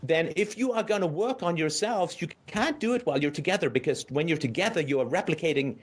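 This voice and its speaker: A man's voice: on the high side, lively intonation, fast talker, husky. A man hosting a call-in show, giving a caller blunt, profane advice in an emphatic, lecturing way and often asking "right?".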